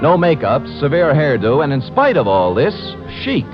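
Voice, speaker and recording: Wisecracking radio detective Sam Spade. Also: male voice, on the high side, sing-song, normal speed. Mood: narrating. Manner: dry, sardonic wisecracks. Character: wisecracking hard-boiled male private detective. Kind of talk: 1940s radio acting. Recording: muffled old radio broadcast with music.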